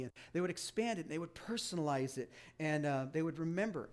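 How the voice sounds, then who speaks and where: A man's voice: fairly high pitch, animated, fast talker, few pauses. Emphatic man preaching a sermon. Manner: emphatic preaching with frequent restarts and asides. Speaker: pastor.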